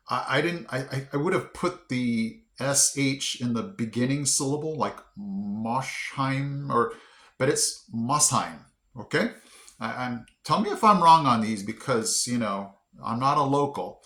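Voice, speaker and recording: In this casual vlog, the host is a man with an average pitch who talks in a friendly, easygoing, upbeat manner and pokes fun at himself when he gets things wrong. He records indoors, where the room makes his voice sound echoey.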